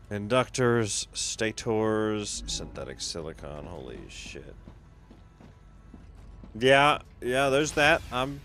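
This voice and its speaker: Here a man with a mid-range, fairly bright voice chats casually while streaming a game. He's laid-back, swears freely, addresses viewers by name, and tends to trail off.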